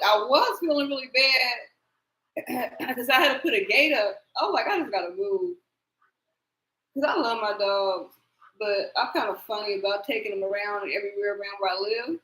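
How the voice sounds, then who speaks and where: A woman hosting a live tarot stream, telling rambling stories in a casual, animated way, laughing often and swearing freely. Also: high-pitched, reverberant, low-quality recording.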